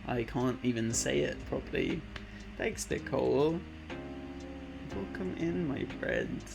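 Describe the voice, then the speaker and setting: A man in his late twenties hosts a relaxed live stream with a gravelly, fry-edged voice. He talks slowly and rambles, reading viewer messages aloud and calling people "man" and "bud." Music plays steadily in the background. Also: mid-range voice. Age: late 20s. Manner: laid-back, rambling, reads chat aloud, calls people man and bud. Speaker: Twitch streamer. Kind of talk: casual live-stream chat.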